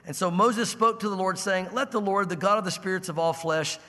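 A man's voice: high-pitched, a little fast, sharp tone. A male pastor teaching a verse-by-verse sermon, talking conversationally and acting out what the biblical figures might say. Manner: conversational, acts out biblical characters' lines. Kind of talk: expository sermon. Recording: long hall reverb.

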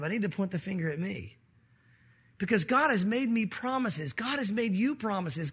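A male pastor preaching with a high, husky voice. He walks through the scripture and now and then acts out the quoted voices of the people in the story. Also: fairly bright tone. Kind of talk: sermon.

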